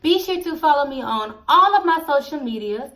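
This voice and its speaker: A young woman, casually telling a storytime vlog, animated and addressing viewers directly. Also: sits high, normal speed. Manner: animated, acts out quoted voices, addresses viewers as y'all. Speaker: storytelling vlogger.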